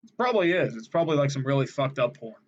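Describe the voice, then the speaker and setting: A man's voice: medium pitch, very animated, racing. Laid-back man, lo-fi podcast mic. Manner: laid-back, profane joking. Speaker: podcast co-host. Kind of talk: casual chat. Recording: dull lo-fi sound.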